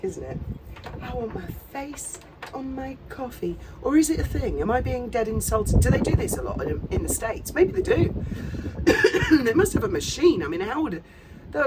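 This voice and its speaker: Sarcastic woman with lively pitch. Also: a little fast, recorded from a distance, heavy background noise. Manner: sarcastic, profane, laughing asides. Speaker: commentary channel host. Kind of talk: casual commentary.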